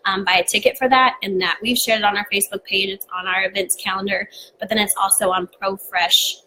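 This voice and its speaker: A chatty woman co-hosts a casual live stream, peppering her talk with "like" and "um." Her pitch sits in the ordinary middle range. A faint room ambience hums behind her. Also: fairly even intonation, a little fast, bright, forceful tone, slight background noise, rough recording. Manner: chatty, with frequent "like" and "um". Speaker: podcast co-host.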